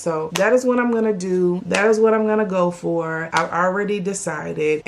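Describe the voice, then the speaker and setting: A woman's voice: on the low side, vocal fry. A woman vlogging to a camera at home, chatting in a rambling way with lots of "like" and "you know". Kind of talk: casual vlog talk to camera.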